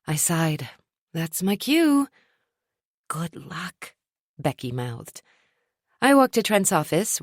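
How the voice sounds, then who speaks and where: Expressive woman narrating a romance audiobook. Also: sits low, no echo, studio quality. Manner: expressive, wry storytelling.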